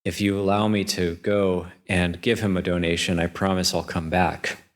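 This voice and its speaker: A man's voice: deep voice, normal speed. A man voicing a fearless, honest young prince who speaks steadily to his captor. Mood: earnest. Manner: steady, earnest.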